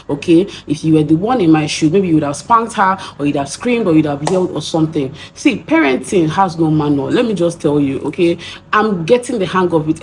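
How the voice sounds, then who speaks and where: Speaking at a fairly low pitch with a slightly mellow tone, a young Nigerian vlogger tells a story in her Nigerian accent. She performs the voices of the people she quotes in this chatty vlog, and there's a little background noise.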